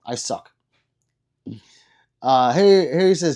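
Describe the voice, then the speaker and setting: A man's voice: mid-range voice, expressive, unhurried, warm tone. A man hosting a casual livestream, reading viewer comments in a rambling, self-deprecating way with frequent restarts. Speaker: livestream host.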